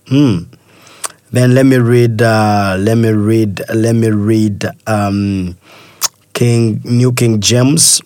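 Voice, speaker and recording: A man's voice: lowish voice, fairly even intonation, very slow, a little mellow, clear, resonant tone, no echo. A man, a pastor, giving a devotional sermon and reading scripture, earnest, with many fillers and repeated phrases. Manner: addresses listener as "child of God".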